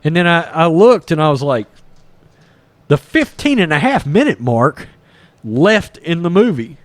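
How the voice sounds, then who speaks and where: A man's voice: fairly high pitch, measured pace, no room sound. A man, hosting a podcast and casually retelling a movie plot, rambling and swearing freely. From East Texas. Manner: rambling, animated, swears freely, acts out character lines. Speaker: podcast host reviewing a film.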